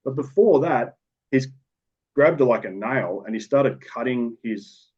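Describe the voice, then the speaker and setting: A man's voice: mid-range voice, expressive, slow pace, a little mellow, husky. A man with an Australian accent, a police officer telling stories from the job in a podcast interview, in a matter-of-fact, rambling way with restarts. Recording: dull lo-fi recording.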